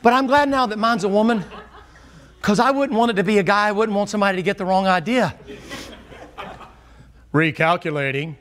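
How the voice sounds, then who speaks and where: A man, a pastor preaching a folksy, joking sermon that swings between loud and low. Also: steady tone, fast talker.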